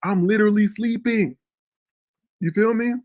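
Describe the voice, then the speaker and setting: A male podcast host with a high, slightly mellow voice talks at normal speed. His crude, cursing story rambles on, and he frequently turns to the listener with "you feel me."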